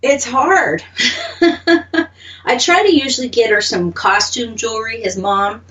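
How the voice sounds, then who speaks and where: Woman, Oklahoma accent, chatty co-host, slightly high voice, dull lo-fi sound, a bit off mic. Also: slow pace, fairly bright tone, distant mic. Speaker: radio show co-host. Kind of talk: casual chat.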